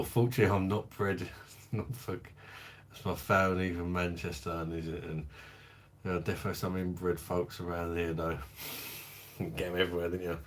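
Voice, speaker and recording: A man hosting a casual livestream, chatting in a jokey way, laughing often and reading out and answering viewer comments. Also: low voice. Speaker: livestream host of a beer review channel.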